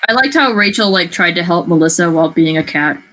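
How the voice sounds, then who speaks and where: A woman's voice: fairly low pitch, animated, quick pace, fairly bright tone, poor audio. A woman chatting casually about a book in a giggly, jokey way. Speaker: book club podcast co-host. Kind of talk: casual chat.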